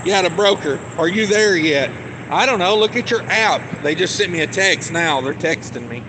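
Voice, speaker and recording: A talkative man, a truck driver, streams live from a phone while walking around an outdoor truck lot. His voice sits a bit high for a man, and he rambles through viewer questions with plenty of "uh" and "you know". Refrigeration units and traffic rumble loudly behind him. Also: animated, normal speed. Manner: loose, chatty, thinks aloud with many fillers. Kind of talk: casual live-stream vlog, answering viewer chat. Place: outdoors in a truck lot at a cold storage yard. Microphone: phone held while walking. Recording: loud running refrigeration units and vehicle noise outdoors.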